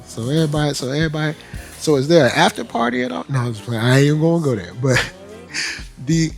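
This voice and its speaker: A man hosting an anime review show in casual, slangy commentary, animated and laughing often. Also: medium pitch.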